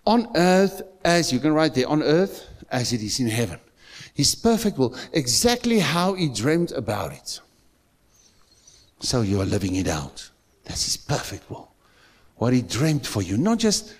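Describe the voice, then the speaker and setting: In a church, a South African-accented pastor delivers an emphatic sermon at a medium pitch. He keeps repeating phrases and asking the congregation questions.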